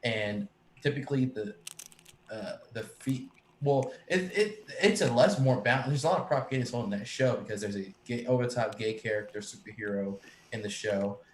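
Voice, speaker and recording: In an echoey room with faint ambient noise, a man with a mid-range voice speaks at a moderate pace. It's casual live-stream chat: he rambles, swears, and restarts often.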